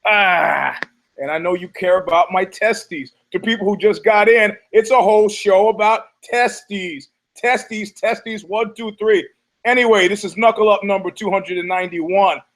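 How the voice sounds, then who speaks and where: A man's voice: sits high, normal speed, a bit bright. A man hosting a solo podcast, rambling in a sardonic, profane way with many restarts. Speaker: podcast host. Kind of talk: casual solo podcast monologue.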